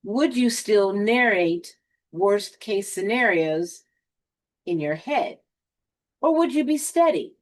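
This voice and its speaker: A woman giving a spiritual motivational talk, speaking deliberately with dramatic pauses and a touch of sarcasm. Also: medium pitch, lively intonation. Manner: lightly sarcastic.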